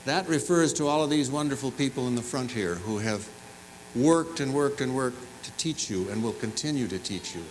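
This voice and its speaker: A man's voice: mid-range voice, moderate pace, slight background noise, low-quality recording. A man giving a commencement address in a large university fieldhouse, telling humorous stories and teasing the audience. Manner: animated, humorous storytelling with audience asides. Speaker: commencement speaker.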